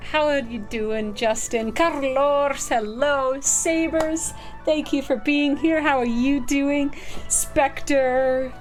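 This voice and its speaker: A bubbly woman streamer with a high voice, chatting at an unhurried pace. She greets her audience by name with excited gasps and laughs. Faint music plays behind her. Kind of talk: casual live-stream chat.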